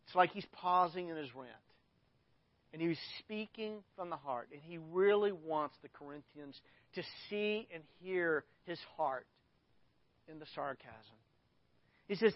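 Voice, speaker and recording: A middle-aged male pastor preaching a sermon, reading scripture with animated, dramatic bursts of loudness. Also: high voice, unhurried, dry recording. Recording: dull, lo-fi dry recording.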